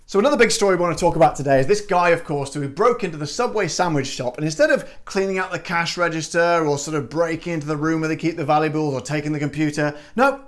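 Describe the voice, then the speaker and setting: A man's voice: on the high side, fairly bright tone. A British man hosting a comic vlog, talking in a chatty, cheeky and mildly sweary way. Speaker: comedy vlog host.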